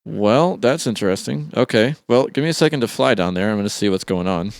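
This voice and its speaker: A man's voice: lowish voice, lively intonation, a little fast, gravelly, no room sound. A man hosting a let's play, chatting casually and thinking aloud with an easygoing, chuckling manner. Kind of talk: casual gameplay commentary.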